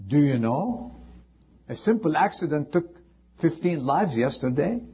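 A man preaching a sermon as pastor, impassioned, rising high and then dropping to a hush. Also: animated, a little slow, husky, dull audio. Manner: impassioned preaching with sudden drops to quiet.

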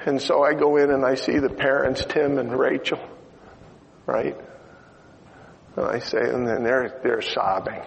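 A man's voice: mid-range voice, steady tone, a little slow, gravelly, long pauses. An older man preaching a sermon. He tells an emotional story and turns to ask his listeners things. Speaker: pastor. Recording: lo-fi recording in a reverberant hall, faint noise.

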